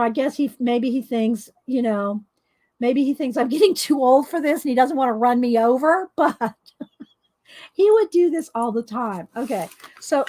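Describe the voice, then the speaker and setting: A woman's voice: high voice, a little mellow, dry recording. A middle-aged woman, telling rambling stories and laughing often while she colors on camera. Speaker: coloring video host. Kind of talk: casual storytelling while coloring.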